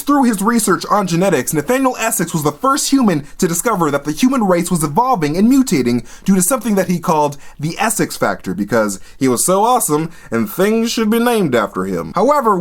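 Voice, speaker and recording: A man hosting a comedic video commentary, sarcastic and profane with high energy. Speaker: host.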